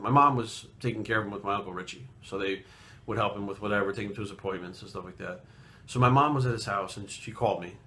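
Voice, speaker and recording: Here a lowish, bright, forceful male voice belongs to a Rhode Island fitness vlogger in his late thirties. He rambles bluntly through a personal story in casual style, cursing often.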